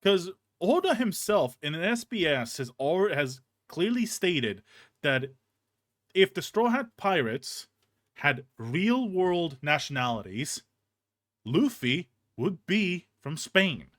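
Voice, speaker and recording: A young male streamer rants in an unhurried, meandering way, swearing freely and restarting his sentences. His pitch swings widely and sits a little high. The sound is dry and close. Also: dry recording. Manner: animated, profane, rambling with restarts. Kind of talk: casual ranting chat. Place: hot indoor room with a fan on.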